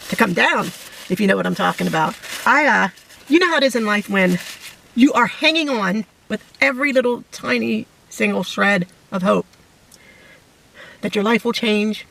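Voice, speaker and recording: A middle-aged woman giving an emotional personal testimony to camera, halting and fighting back tears. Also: medium pitch, lively intonation, gravelly, a bit bright, far from the mic, a little hiss or hum, poor audio. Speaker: vlogger sharing a testimony.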